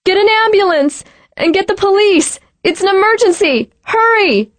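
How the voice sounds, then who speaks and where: A woman narrator voicing a frantic young woman who shouts and sobs, raising her voice high above her reading tone. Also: normal speed, no echo, close to an everyday voice. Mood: desperate, tearful. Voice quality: cries and shouts in panic. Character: frantic woman trying to revive her friend. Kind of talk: audiobook character voice.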